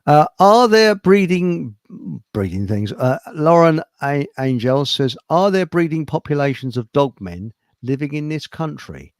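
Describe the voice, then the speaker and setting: A man's voice: a little high, big pitch swings, dry recording. Blunt grumbling man, dry sound. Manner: blunt, grumbling, quick asides with chuckles. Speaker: host. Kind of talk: casual livestream chat.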